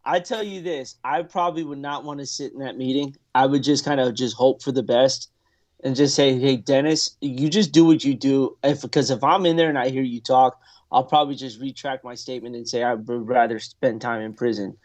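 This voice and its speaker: Casting: male sports-talk co-host, mid-pitched voice, teasing and questioning. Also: fairly even intonation, fairly quick, darkish tone. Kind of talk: casual banter.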